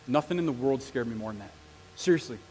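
A man preaching a sermon as pastor, telling stories with lively, self-deprecating humor. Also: mid-range voice, quick pace, breathy edge. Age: adult with a wife, past graduate study. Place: church sanctuary. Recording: long reverb of a church hall.

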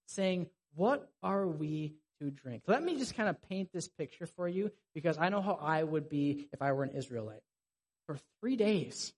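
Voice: mid-range voice, a little mellow. A preacher giving a sermon in a conversational, vivid storytelling way.

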